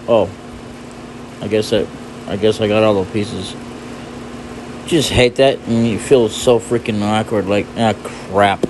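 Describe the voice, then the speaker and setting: A goofy man in casual gameplay commentary, rambling to himself and humming bits of nonsense. He talks slowly and takes his time, with a faint hum of air conditioning behind him. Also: on the low side, fairly even intonation, darkish tone. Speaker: gaming channel host.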